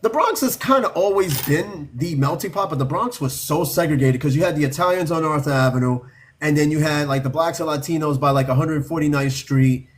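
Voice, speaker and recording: Man, brooklyn new york accent, podcast host, blunt, swears a lot, slightly high voice. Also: fairly quick. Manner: blunt, swears freely, laughs easily. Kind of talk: casual chat.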